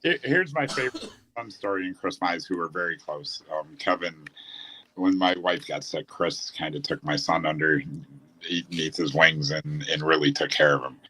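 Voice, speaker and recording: Low-voiced man telling racing stories. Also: normal speed, sharp tone, rough recording. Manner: rambling, with restarts. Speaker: former speedway owner. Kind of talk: storytelling in a casual chat.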